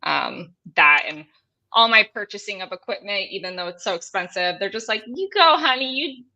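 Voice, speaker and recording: A young woman co-host chats on a paranormal live stream. She giggles and gushes, and teases herself. Her voice is bright and sharp-edged. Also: fairly low pitch, normal speed, creaky. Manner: giggly, gushing, self-deprecating. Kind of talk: casual live-stream chat.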